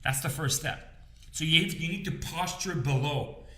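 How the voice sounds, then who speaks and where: A man's voice: a little high, measured pace, fairly bright tone, reverberant. A man coaching business owners in a casual, conversational way, often checking in with his listeners. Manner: conversational, repeats phrases, checks in with "okay?" and "you understand?". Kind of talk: casual advice talk to camera.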